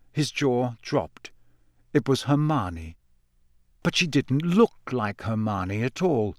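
A man narrating a storybook in a steady reading voice, raising his pitch for the girls' quoted lines. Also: no room sound, studio quality. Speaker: audiobook narrator. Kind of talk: scripted narration.

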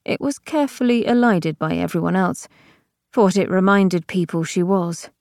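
A woman narrating a novel as an audiobook in measured, even storytelling. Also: fairly low pitch, gravelly, no echo, clean studio sound. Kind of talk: scripted fiction narration.

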